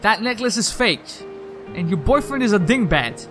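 A man voicing a blunt, cocky gangster in a video game, dropping his voice low with a drawl. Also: very animated, normal speed, music in the background. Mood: lecturing.

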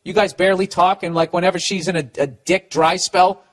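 Profane ranting comedian with a Boston accent. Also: male voice, high-pitched, fairly even intonation, a little fast. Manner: profane, ranting, stammering restarts. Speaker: podcast host. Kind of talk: comedic advice rant.

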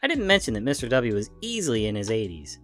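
A man narrating funny internet stories in a lively, expressive way. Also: mid-range voice, fast talker, soft background music. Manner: lively, expressive, acts out the dialogue. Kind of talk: reading internet stories aloud.

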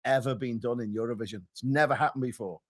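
A man's voice: mid-range voice, fast, a loud crowd. A man, a radio presenter chatting in an easygoing, rambling way. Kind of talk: casual chat.

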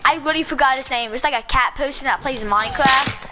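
A woman chatting with friends while playing an online game, teasing and excitable. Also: sits high, fairly quick. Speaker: player. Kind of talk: casual game chat. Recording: noisy game audio behind.

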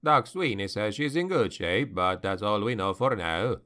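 Man putting on scottish accent, male colonel, deep, gentle, dry. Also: expressive, moderate pace. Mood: reporting. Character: gruff Scottish male mercenary colonel, fatherly.

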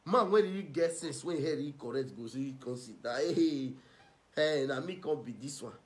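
Male online commentator, Nigerian Pidgin accent, scornful ranting delivery, fairly high pitch. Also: moderate pace. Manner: mocking, scolding, swings loud and soft.

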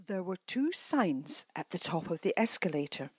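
A woman's voice: fairly low pitch, husky, no echo. A woman reading a children's picture book aloud as a storyteller. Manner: slow, lively storytelling.

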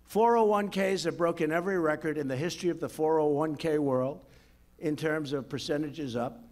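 A man's voice: a little high, normal speed, darkish tone. An older man giving a boastful, off-the-cuff speech at a podium, full of repetitions and asides. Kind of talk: rally-style speech. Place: event venue with live audience. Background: faint crowd.

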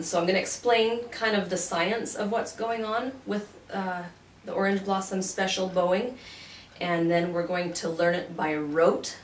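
A woman teaching a violin tutorial, explaining patiently and counting beats aloud. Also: lowish voice. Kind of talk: instructional tutorial.

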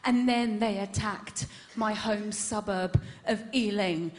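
A woman performing a stand-up comedy set, telling animated stories and punching up the jokes. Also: medium pitch, slow, noisy background. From England. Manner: animated storytelling, loud bursts for punchlines. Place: comedy venue stage. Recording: roomy live venue sound.

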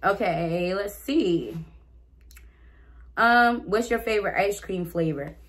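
A woman's voice: medium pitch, expressive, takes it slowly, a bit bright, slight background noise. A young woman vlogger casually answering get-to-know-me questions, chatting straight to her viewers. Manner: reads out each question, then answers it.

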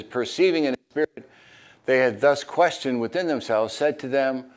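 An older man, a retired pastor, preaching a sermon and reading scripture, with hesitant asides full of fillers and sudden animated bursts. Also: normal speed. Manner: animated, jumps high and loud when acting out crowd voices.

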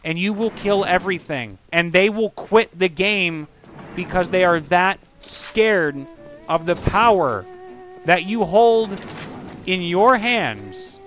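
A man giving casual, rambling commentary while playing a video game, swearing freely and breaking into excited outbursts. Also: high-pitched, takes it slowly, faint music behind. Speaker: gameplay streamer.

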